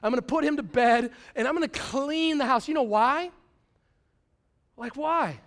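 A man, preaching a conversational sermon as pastor, swinging from quiet asides to excited bursts. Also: extremely high pitch, moderate pace, pauses often.

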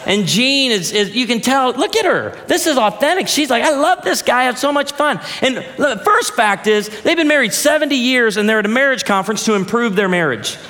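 A man in his forties preaching a sermon as a pastor, telling stories in a lively, joking way. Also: extremely high pitch, a little fast, few pauses, in a large hall, slight background noise. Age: 40s.

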